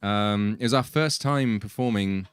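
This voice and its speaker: A man's voice: fairly low pitch, a little slow, clean tone, no echo, clean studio sound. A young man in a band, casually chatting and hosting a livestream with his bandmates. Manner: chatty, laughs often, says he is sleepy. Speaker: band member hosting the stream.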